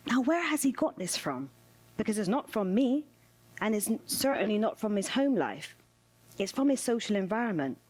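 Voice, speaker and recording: A woman delivering a spoken word performance in a measured, rhythmic way, returning to repeated refrains. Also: medium pitch, very animated, a little mellow. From United Kingdom.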